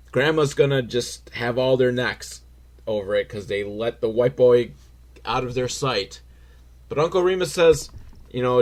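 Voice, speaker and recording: Sarcastic, rambling man in his forties. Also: medium pitch. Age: 40s. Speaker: film reviewer. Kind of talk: comedic film commentary.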